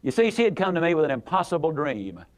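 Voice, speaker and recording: A man with a high-pitched voice gives a motivational speech in a folksy storytelling style. He leans hard on emphasis and repeats words and phrases for effect. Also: big pitch swings, fast. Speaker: motivational speaker.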